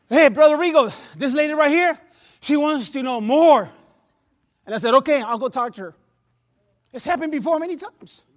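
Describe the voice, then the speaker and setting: High-voiced Spanish-accented man preaching. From Latin America. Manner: repeats words and restarts, laughs at himself, storytelling. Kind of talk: sermon. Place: church sanctuary.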